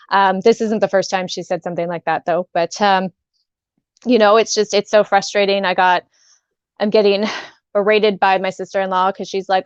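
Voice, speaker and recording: A woman guest on a talk show telling a painful personal story, halting and emotional, with many restarts. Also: medium pitch, level tone, clear, resonant tone, no echo. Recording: dull dry sound.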